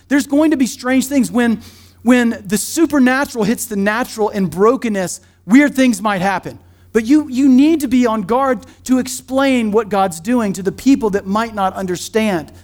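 A middle-aged man, a pastor, preaching a sermon in a church in a conversational, joking way with quick asides. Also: very high-pitched, a little mellow. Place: church sanctuary.

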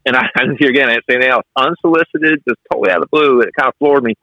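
Animated man spinning fire-station stories. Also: medium pitch, very fast, no room sound, muffled recording. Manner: animated storyteller who acts out quotes. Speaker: fire officer guest. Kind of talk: conversational storytelling interview.

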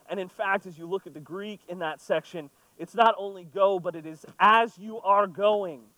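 Pastor, male, high-pitched, relaxed and playful sermon delivery, dry close sound. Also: brisk, no echo, rough recording. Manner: conversational, playful asides. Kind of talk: sermon with scripture reading.

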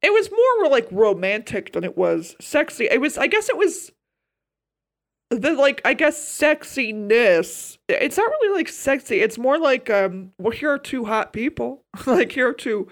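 A woman chatting as co-host, with a fairly high voice that swoops up and down. She spins silly, absurd stories and jumps into acted-out quotes. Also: very animated, a little slow. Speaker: podcast co-host. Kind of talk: casual chat.

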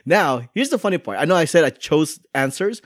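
A man hosting a casual chat podcast, reading answers aloud in a halting way with chuckles and restarts. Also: fairly high pitch, very animated, dry recording, clean studio sound. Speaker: podcast host.

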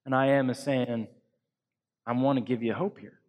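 A man preaching an earnest sermon as pastor to a congregation, swinging between loud emphasis and soft hushed lines. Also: medium pitch, steady tone, normal speed, long reverb tail. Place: church hall.

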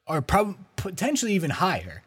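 A man's voice: high-pitched, wildly swooping pitch, fairly quick, fairly bright tone, husky. Thoughtful, hedging male podcast co-host. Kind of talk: casual chat.

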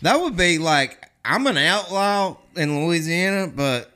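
A man's voice: high voice, lively intonation, unhurried, bright, forceful tone, smooth. A man in casual chat, laid-back and swearing often.

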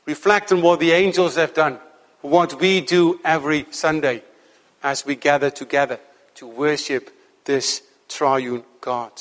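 A man preaching a sermon to his congregation in an earnest, measured way, slowing down to stress key points. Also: fairly high pitch, fairly even intonation, in a large hall. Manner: earnest, measured preaching with slow emphatic stretches.

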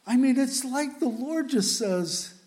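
A male pastor with a high voice delivers a sermon in an earnest, impassioned way. His feeling runs close to the surface, and he often breaks off and restarts his sentences. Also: lively intonation, takes it slowly, darkish tone. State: emotional.

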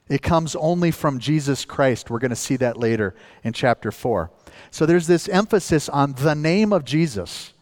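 A man's voice: a little high, a little mellow, big-room sound. A man from northern Minnesota preaching a sermon as pastor, earnest and building up to emphatic points.

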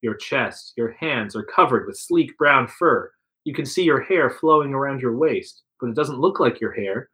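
Guy reading a story out loud to friends, bright voice, gets animated on the quotes. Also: medium pitch, normal speed, rough recording. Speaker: narrator reading an interactive story. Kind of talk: reading a second-person choose-your-path story aloud.

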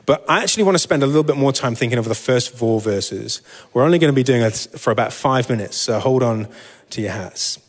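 A man giving a sermon and reading scripture, relaxed and self-deprecating, with frequent fillers. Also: medium pitch, fast, long reverb tail. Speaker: preacher.

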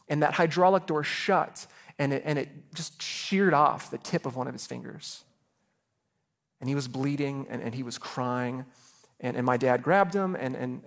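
A man's voice: medium pitch, creaky. A man in his thirties preaching a sermon as a pastor, earnest and personal, often repeating words as he starts a phrase. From Chicago area.

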